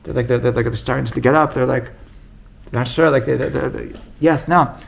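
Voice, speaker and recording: Male rabbi, gravelly tone, energetic storyteller, many restarts, acts out quotes. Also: moderate pace. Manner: animated storytelling, acts out quoted voices with big pitch jumps; many restarts and repeated words. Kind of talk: storytelling Torah class.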